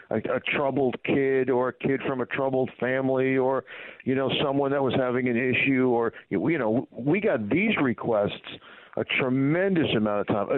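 A former baseball PR director, now a middle-aged radio guest, recounts stories casually. His medium-pitched voice carries no room sound over the tinny, dry phone line, and his talk meanders with frequent fillers and restarts.

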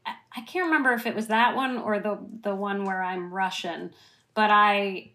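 Woman actress telling stories on a podcast, laughs a lot, pokes fun at herself, mid-pitched voice. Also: moderate pace, pushed and bright. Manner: chatty, self-deprecating, laughs often. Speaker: actress guest. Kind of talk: conversational interview.

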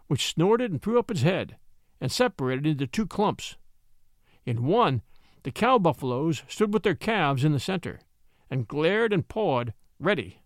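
A man reads a classic tale aloud with a higher voice and a wide, lively swing of pitch. His storytelling is expressive and dramatic. The recording is dry and close, with no room sound. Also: no room sound. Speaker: narrator. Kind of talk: audiobook storytelling.

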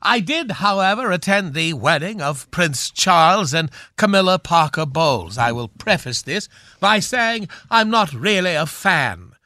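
A grandiloquent aging matinee idol, as a man puts him on for a radio comedy bit, his high voice swooping all over in a slow, lordly drawl. The tone is bright and ringing, recorded close and dry in a studio. Every word is savored with theatrical self-importance. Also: animated, no room sound, exaggerated voice. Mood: droll grandiose. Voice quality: grandiloquent, theatrical, drawn-out delivery. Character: aging pompous British swashbuckling film star, knighted. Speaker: guest film star.

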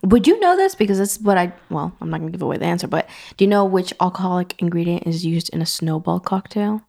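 A woman chatting casually as she reads trivia questions aloud. Her voice swings widely in pitch and carries a gravelly, creaky edge. She laughs easily and often leaves sentences unfinished. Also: fast talker. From Puerto Rican family background. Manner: animated, laughs often, trails off mid-sentence. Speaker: co-host.

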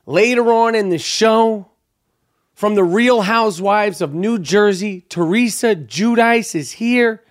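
Brash, hyped high-voiced man. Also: expressive, a little slow, soft background music. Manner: brash, profane, hyped and rambling. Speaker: podcast host. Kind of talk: casual solo podcast monologue.

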